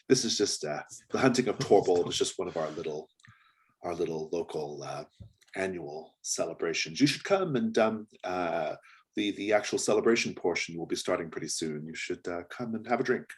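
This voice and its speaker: A man's voice: deep voice, animated, moderate pace, breathy edge. A man voicing a cheerful village woman who hosts a local festival, friendly and welcoming.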